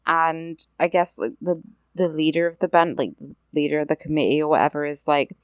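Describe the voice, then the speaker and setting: A woman's voice: sits low, fairly even intonation, fairly quick, no room sound, studio quality. A young woman co-hosting a podcast, recapping an episode with sarcastic, profane chat and many hesitant fillers. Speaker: podcast co-host.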